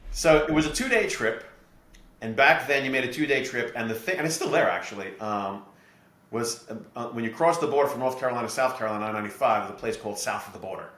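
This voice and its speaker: A middle-aged man from New Jersey, a podcast guest and real estate investor, explaining his ideas through steady anecdotes. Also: medium pitch, fast talker. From New Jersey, USA. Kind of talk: podcast interview storytelling. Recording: echoey room.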